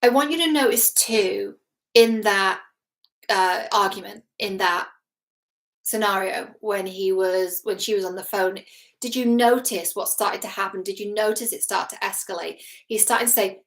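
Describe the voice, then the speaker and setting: A woman's voice: mid-range voice, fairly even intonation, normal speed, rough recording. A middle-aged woman, a relationship coach, giving chatty, earnest commentary to camera, acting out quotes and laughing at herself. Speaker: relationship coach reacting to a TV series.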